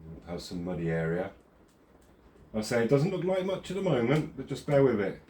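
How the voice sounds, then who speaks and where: A man's voice: mid-range voice, expressive, moderate pace, warm tone, slight background noise. A man vlogging casually while building model railway scenery outdoors. He rambles, self-deprecating and chatty, with the odd curse. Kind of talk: casual hands-on craft commentary.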